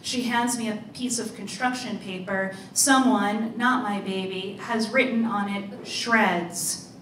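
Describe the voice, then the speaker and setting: A woman author reading her own story aloud in a measured, deliberate way. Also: medium pitch, steady tone, a bit bright, a little hiss or hum. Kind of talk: literary reading. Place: live reading event. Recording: roomy, distant mic, faint ambience.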